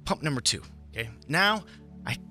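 A man co-hosting a morning radio show, telling a story in an animated way and acting out his own shouting. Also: on the high side, moderate pace, soft background music. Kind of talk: casual radio banter.

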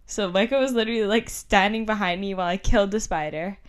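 A woman's voice: mid-range voice, quick pace, clear, resonant tone. A young woman in a casual chat, telling a story with lots of filler words. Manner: chatty storyteller, filler-heavy.

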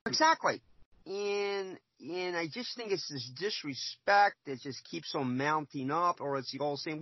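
A man's voice: on the high side, expressive, unhurried, no room sound, lo-fi sound. A man who scouts and formerly refereed, talking on a podcast in an emphatic way, repeating himself and acting out conversations. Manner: emphatic, repeats himself, acts out quoted exchanges. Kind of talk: podcast interview.

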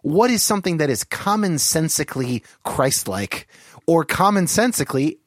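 A man's voice: a little high, animated, normal speed, dry recording, clean studio sound. A man hosting a casual conversation, talking thoughtfully and qualifying his points with frequent fillers. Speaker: podcast host.

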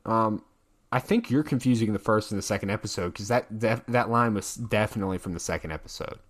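A man's voice: fairly low pitch, fast. A man co-hosting a podcast in casual chat, enthusiastic and rambling, laughing often between thoughts. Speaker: podcast co-host.

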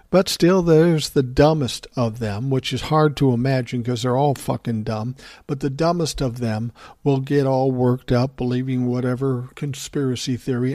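A man's voice: medium pitch, darkish tone, dry recording, clean studio sound. An older man hosting a podcast, giving solo political commentary in a heated, profane rant. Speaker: podcast host.

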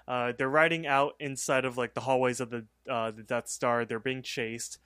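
A man's voice: mid-range voice, fairly even intonation, moderate pace, sharp tone, clean tone, no room sound, studio quality. A man co-hosting a podcast, casually retelling a cartoon episode with lots of "like" and "um". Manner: rambling retelling full of "like" and "um". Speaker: podcast co-host.

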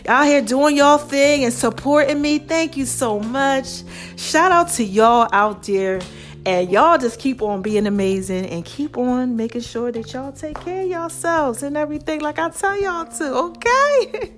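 A woman hosting her own online show, talking casually and warmly to her viewers, calling them "baby" and repeating phrases to drive her point home. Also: high-pitched, lively intonation, a little slow, soft background music. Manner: affectionate, calls listeners "baby" and "y'all"; preachy, repeats phrases for emphasis. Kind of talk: casual motivational talk to viewers.

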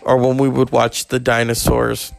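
A man's voice: completely flat delivery, normal speed, gravelly, clean tone, dry recording, faint music behind. A man in his forties rambling and ranting in a profane monologue, often swearing and mocking people. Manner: ranting, swearing, mocking others in high put-on voices.

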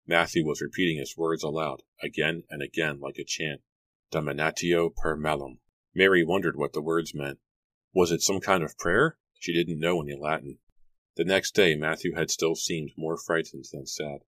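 Man, audiobook narration, extremely deep voice, dry close sound, measured. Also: steady tone, fairly bright tone, dry recording. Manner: measured storybook reading.

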